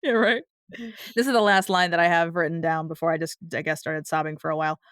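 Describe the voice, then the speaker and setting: A woman co-hosting a podcast in casual chat, talking over film lines and now and then quoting them in a higher voice. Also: steady tone, fast, fairly bright tone, no echo, studio quality. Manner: chatty, quotes film lines in bursts of higher pitch. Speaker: podcast co-host.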